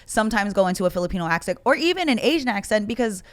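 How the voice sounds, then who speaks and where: A woman co-hosting a podcast who works in radio. She tells stories in an animated, lighthearted way. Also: mid-range voice, very fast, no room sound. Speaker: podcast co-host, radio personality. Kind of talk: casual podcast chat.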